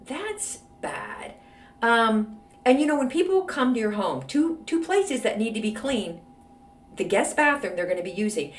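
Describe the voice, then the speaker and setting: A woman with a slightly high voice runs a casual solo podcast, responding to an advice letter with snarky, gossipy storytelling and lots of fillers. The recording has slight background noise and a roomy echo, her voice off-mic.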